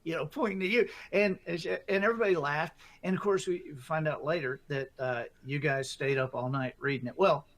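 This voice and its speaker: A middle-aged man telling a story as a guest author, lively and acting out his own inner voices. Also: fairly high pitch, a little fast, few pauses. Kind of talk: animated storytelling.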